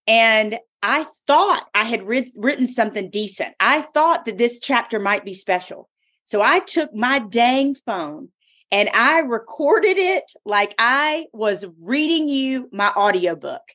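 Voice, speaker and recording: A woman hosting a podcast who tells a personal story in an emphatic, expressive way. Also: on the high side. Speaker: podcast host and author. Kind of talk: casual podcast chat.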